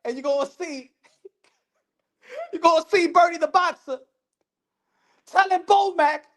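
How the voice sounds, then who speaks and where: A woman's voice: very high-pitched, a little slow, long pauses. A woman giving a brash, profane and mocking boxing commentary vlog.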